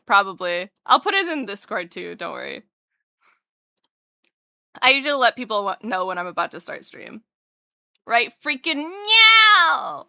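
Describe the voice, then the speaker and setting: A young woman chats casually with her live viewers, bubbly and quick to get excited, tossing in self-mocking jokes. Her voice sits fairly high and sounds bright and forceful. The sound is dry, with no room around it. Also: creaky, no echo. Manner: bubbly and excitable, voice leaps up when greeting viewers; jokey, self-mocking asides. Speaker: livestreamer.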